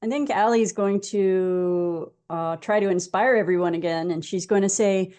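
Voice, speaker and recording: A woman's voice: on the low side, normal speed, hardly any pauses, mellow. A woman playing at a tabletop role-playing game, speaking hesitantly in casual chat. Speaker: player.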